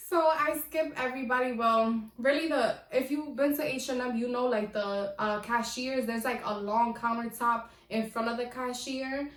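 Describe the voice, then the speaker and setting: A chatty young woman vlogger with a slightly high voice tells stories casually, animated and slangy, often laughing at herself. The recording is echoey, with her voice coming from a distance.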